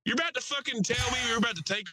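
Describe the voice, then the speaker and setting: A man voicing a foul-mouthed, boastful contractor in his late twenties with a thick Mississippi accent, heckling loudly. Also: very high-pitched, very fast, no room sound, studio quality, voice pushed up, exaggerated voice. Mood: rowdy heckling. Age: late 20s or early 30s. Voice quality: crude, loud, boastful heckling.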